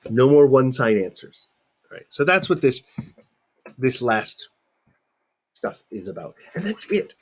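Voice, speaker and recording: A man's voice: medium pitch, very animated, measured pace, pauses often. A middle-aged man teaching in a recorded video lecture, talking conversationally and putting questions to his students.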